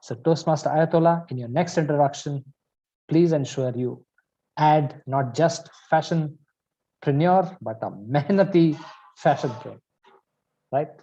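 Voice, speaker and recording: A man hosting a speaking club meeting, speaking in a measured, drawn-out way and coaxing people to repeat a word. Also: a little high, mellow, lo-fi sound. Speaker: meeting host.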